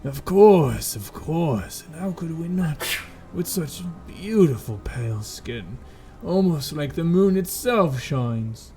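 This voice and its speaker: A man voicing a fawning male slaver who smooth-talks a woman with oily flattery, in a tabletop game. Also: fairly high pitch, slow pace, hardly any pauses, soft background music, pitched above the performer's own voice.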